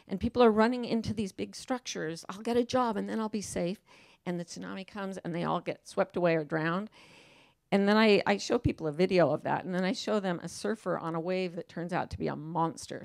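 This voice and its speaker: A woman's voice: lowish voice, creaky, no room sound, clean studio sound. A woman author talking as a guest in a casual onstage interview, emphatic and playful, often quoting herself in voices.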